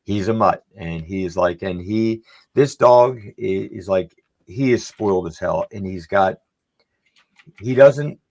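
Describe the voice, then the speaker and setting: A man's voice: lowish voice, slow pace, a little mellow. A middle-aged man telling a long, rambling story on a podcast and acting out the dialogue as he goes. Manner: rambling, anecdotal, acts out quoted dialogue. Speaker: podcast panelist. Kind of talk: casual storytelling.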